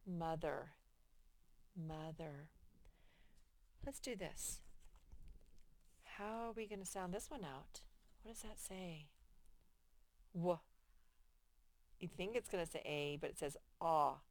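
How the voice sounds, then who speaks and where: Lady teacher sounding out words real slow for first graders, dry close sound, kinda low voice. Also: dry recording. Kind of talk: reading lesson for young children.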